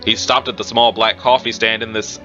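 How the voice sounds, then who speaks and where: A man's voice: fairly low pitch, level tone, fairly quick, sharp tone. A man reading a story aloud casually, breaking off for chatty asides and correcting himself. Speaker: story reader. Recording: muffled recording with background music.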